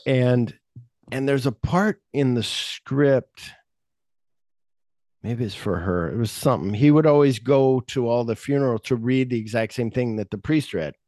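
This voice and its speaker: A man with a medium-pitched voice, talking a little slowly, hosts a podcast where he casually retells film scenes. Quotes come out in an animated, raised voice, and he swears often. The audio is close and dry, lacking any room reverb.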